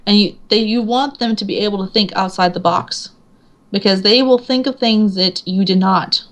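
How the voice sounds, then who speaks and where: Laughing woman author telling lively anecdotes. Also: medium pitch, moderate pace. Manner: animated storyteller, acts out quotes, laughs often. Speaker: author guest. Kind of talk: casual interview chat.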